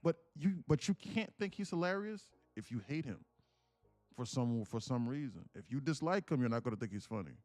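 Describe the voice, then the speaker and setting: Rambling, animated man on a livestream. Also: medium pitch, a little fast, dry recording, soft background music. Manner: rambling, repetitive, laughs while telling stories. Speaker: livestream trading host. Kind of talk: casual livestream chat.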